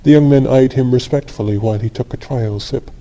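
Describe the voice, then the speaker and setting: Guy reading a bedtime audiobook, mellow voice, calm and steady. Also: medium pitch, fairly quick, rough recording. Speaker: audiobook narrator. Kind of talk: scripted narration of a classic story for sleep.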